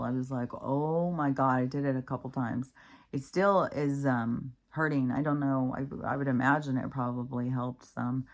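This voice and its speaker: Low-voiced woman telling chatty stories. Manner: chatty, animated, laughs often, acts out quoted voices. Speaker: vlogger. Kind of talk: casual rambling storytelling.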